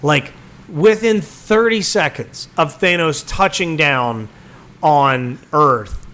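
A man's voice: fairly high pitch, takes it slowly, fairly bright tone. A man co-hosting a podcast, telling crude stories with lots of swearing and laughter. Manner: profane, laughing storyteller. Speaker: podcast co-host. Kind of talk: crude casual chat.

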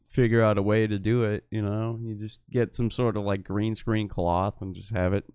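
A man's voice: lowish voice, little pitch movement, normal speed, a little mellow, clean tone, dry recording, clean studio sound. A man chatting casually as a podcast host, crude and blunt, swearing constantly on a home microphone. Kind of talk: casual profane chat.

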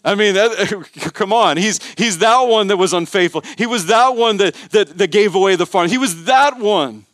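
A man preaches an emphatic sermon, stumbling over repeated words as he builds intensity. His voice sits a little high. The sound is dry and close. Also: moderate pace, hardly any pauses, fairly bright tone, no echo. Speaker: pastor. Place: church.

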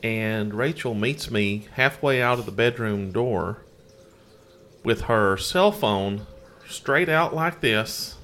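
Guy cohost telling a story, gets animated, does little voices. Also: on the low side, slow pace, slight background noise. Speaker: co-host. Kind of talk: casual storytelling chat.

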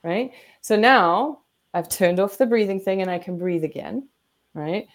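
A woman guest therapist explaining coping techniques in an animated way, acting out what her body and brain say. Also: mid-range voice, measured pace. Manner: animated, demonstrates breathing and acts out inner voices.

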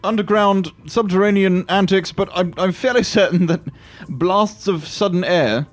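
A man's voice: sits high, moderate pace, faint music behind. A man playing a tabletop game, speaking in character in a wordy, fussy, slightly pompous way. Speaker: player.

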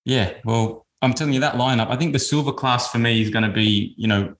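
A man with an Australian accent hosting a podcast, relaxed and enthusiastic in conversation. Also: medium pitch, brisk. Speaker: podcast host. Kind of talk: casual podcast interview.

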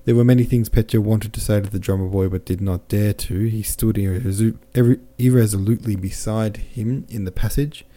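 A man narrating a classic novel as an audiobook in a steady, measured reading. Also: on the low side. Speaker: audiobook narrator and podcast host.

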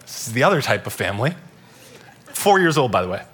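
A man in his thirties preaching a Christmas sermon to a live congregation, telling stories with loud bursts and soft asides. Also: mid-range voice, a little fast, slightly rough. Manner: animated storytelling, shifting between loud bursts and soft asides. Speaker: pastor. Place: church hall, live congregation.

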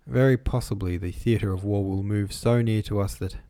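A man voicing a timid male French tutor who speaks hesitantly and gently in an audiobook. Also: on the low side, normal speed, dry recording, clean studio sound, close to an everyday voice.

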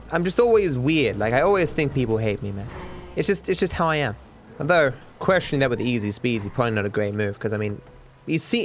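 A man's voice: medium pitch, a little hiss or hum. A young man, a streamer rambling casually, candid and self-deprecating, swearing freely.

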